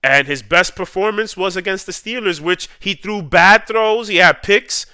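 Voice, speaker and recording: A man's voice: sits high, bright, forceful tone, clean tone, dry recording, studio quality. A man delivering an emotional, heated fan rant about his football team, repeating points for emphasis. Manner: heated, repetitive, drawn-out emphasis. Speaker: sports YouTuber ranting.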